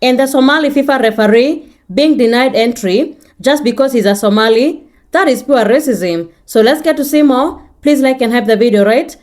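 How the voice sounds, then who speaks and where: A woman's voice: high-pitched, moderate pace, a little mellow. A woman reading scripted narration in an earnest, rhetorical way.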